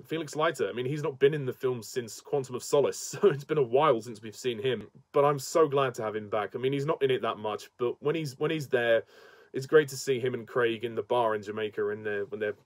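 A man's voice: mid-range voice, no room sound. Chatty man reviewing films. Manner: chatty and enthusiastic, laughs often. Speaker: film reviewer. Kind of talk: casual spoken movie review.

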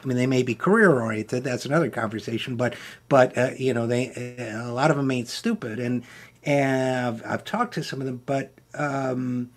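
A man of medium pitch hosts an interview show. His speech is halting, with many pauses, fillers and restarts. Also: steady tone. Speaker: podcast host. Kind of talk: interview conversation.

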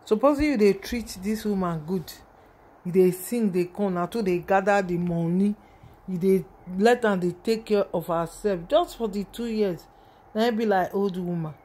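A woman's voice: medium pitch, moderate pace, dark tone. A woman with a Nigerian accent giving an emotional, rambling vlog commentary on a video, often calling out to her viewers.

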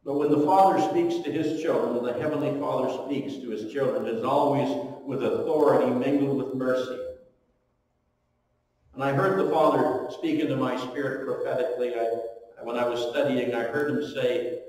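Pastor guy preaching, storytelling, mid pitched voice, far off mic in a big echoey church. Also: normal speed. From eastern Ontario, Canada. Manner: storytelling, animated with strong rises and drops in pitch and volume. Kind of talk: sermon. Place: church hall. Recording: echoey hall, recorded from far off.

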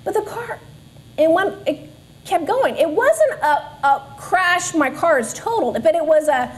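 In a church classroom, a Southern California woman in her forties gives her faith testimony as a Sunday school speaker. She speaks in a very high-pitched, animated but unhurried voice, sincere throughout and willing to poke fun at herself.

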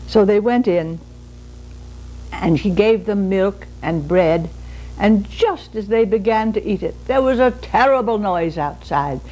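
A woman storyteller telling a folk tale in an unhurried, lilting way with dramatic pauses. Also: mid-range voice, lively intonation, a little mellow, low-quality recording.

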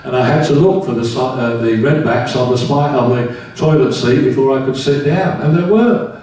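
A man's voice: medium pitch, normal speed, darkish tone. A man from England chatting and chiming in as co-presenter in front of a live audience. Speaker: co-presenter at an expats club meeting. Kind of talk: casual chat to a live audience. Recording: echoey hall, mic from far off.

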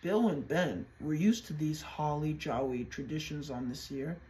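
A narrator reading a fan-made storybook tale in a measured, steady way. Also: mid-range voice, slight background noise, poor audio.

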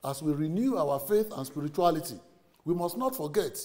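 A man's voice: fairly high pitch, expressive, brisk, darkish tone. A middle-aged man from Nigeria, giving an earnest, pleading conference address as a seminary leader and listing his points one by one. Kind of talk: formal conference speech.

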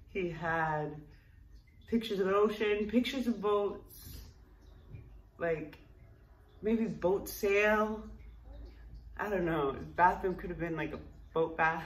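A woman telling a personal story in a blunt, profane and animated way. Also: lowish voice, slow pace, pauses often. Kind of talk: casual spoken memoir. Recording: roomy echo, distant mic.

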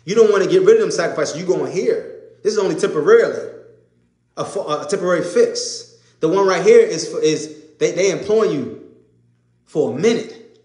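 Emphatic preacher man, high voice. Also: animated, moderate pace, a little mellow, roomy sound. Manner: emphatic, repetitive, conversational street preaching. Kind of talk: informal sermon to a live audience.

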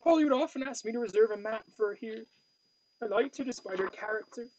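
A man's voice: sits high, fast talker, darkish tone, muffled recording, voice pushed up. A man voicing a weary lodging-house woman in her fifties with a Cornish accent, telling her story in a wistful, broken way.

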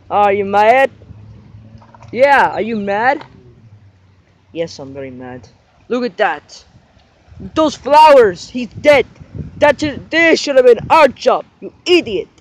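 A man voicing every character in a homemade skit, swinging between excited yelling and low mumbling. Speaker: video maker voicing all characters.

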